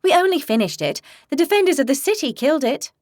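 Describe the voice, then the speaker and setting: Woman voicing a sharp young ranger girl. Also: high voice, big pitch swings, dry recording, clean studio sound, voice pushed up. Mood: correcting. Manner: reproachful, quick.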